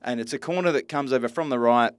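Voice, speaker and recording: A man's voice: mid-range voice, fast talker, smooth, dry recording, clean studio sound. A man, co-hosting a casual sports podcast, talking in a blunt, chatty way and swearing freely. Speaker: podcast co-host.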